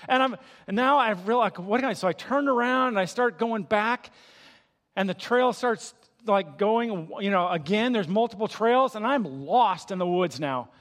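Older male pastor, high-voiced, sermon with a story, reverberant sanctuary. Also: moderate pace. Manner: storytelling, animated in the story, soft and hushed in prayer. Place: church sanctuary.

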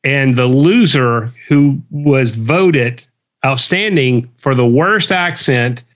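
A man co-hosting a casual podcast chat, telling stories in an animated, quick way. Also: mid-range voice. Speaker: podcast co-host.

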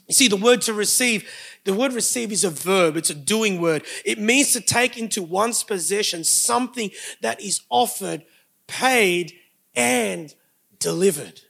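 Animated preaching man with gravelly voice. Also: high voice, a little slow. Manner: animated, preaching with rising emphatic bursts and asides to the congregation. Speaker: pastor. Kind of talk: sermon.

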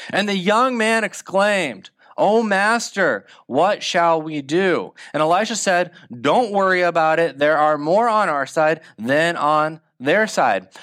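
A man preaching a sermon, telling a story with animated delivery and acting out the lines of the people in it. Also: fairly high pitch. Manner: animated storytelling, acts out quotes. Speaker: pastor.

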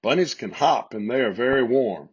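A man voicing a great silver wolf in a storybook who speaks slowly and gently, husky, in slightly muffled lo-fi sound. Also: mid-range voice, expressive. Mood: gentle. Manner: slow, gentle, deliberate.

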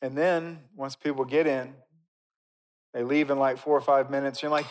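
A man preaching a sermon in a conversational, emphatic way, swinging from loud bursts down to quiet, slow stresses. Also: mid-range voice. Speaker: pastor.

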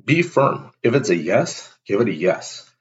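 A man's voice: lowish voice, big pitch swings, unhurried. A man hosting a motivational monologue, talking bluntly and emphatically and acting out everyday exchanges. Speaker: host. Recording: dull lo-fi recording.

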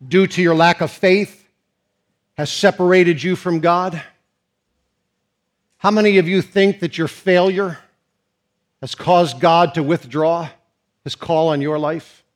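A man preaches a sermon to his congregation in a high, bright voice. He builds to near shouts and then drops to hushed, slow phrases. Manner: dynamic preaching, rising to shouts and dropping to hushed tones. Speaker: pastor.

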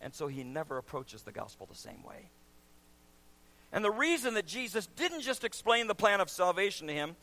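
A man preaching a sermon as pastor, swinging from quiet, low asides to loud, shouted emphasis. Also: very animated, moderate pace.

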